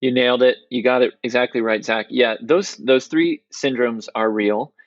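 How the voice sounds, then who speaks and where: A man's voice: mid-range voice, steady tone, normal speed, no room sound, highs cut off. A man co-hosting a podcast in casual chat, musing and telling stories with plenty of fillers. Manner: chatty, storytelling, hedging with fillers. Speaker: podcast co-host.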